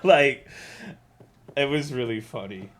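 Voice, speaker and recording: A man's voice: mid-range voice, expressive, a little slow, fairly bright tone. A young American man streaming a game, chatting casually and ranting with lots of swearing while reading chat aloud. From United States.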